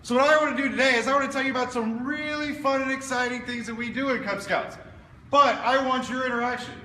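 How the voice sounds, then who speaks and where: A man giving a loud, playful recruiting pitch to children, using call-and-response. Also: fairly even intonation, quick pace. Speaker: district director. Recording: echoey hall, distant mic, crowd noise.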